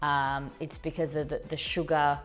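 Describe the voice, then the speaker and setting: A woman's voice: deep voice, level tone, normal speed. Chatty woman streamer over faint music. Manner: chatty, rambling, laughs at herself. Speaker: cooking stream host. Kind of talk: casual live-stream chat reading viewer messages.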